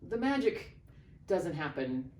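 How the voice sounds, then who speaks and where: A middle-aged woman, an opera singer, telling an animated backstage story in a casual interview and acting out the voices of the people in it. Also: sits low, slow pace. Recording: roomy, distant mic, faint background noise.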